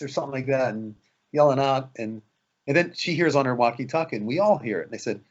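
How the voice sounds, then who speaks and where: A male actor sits for a relaxed interview and tells behind-the-scenes stories with lively energy, acting out quotes and laughing often. His voice is husky, and the recording sounds somewhat dull and lo-fi. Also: medium pitch, fast talker. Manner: animated storyteller who acts out quotes and laughs often. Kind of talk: casual interview storytelling.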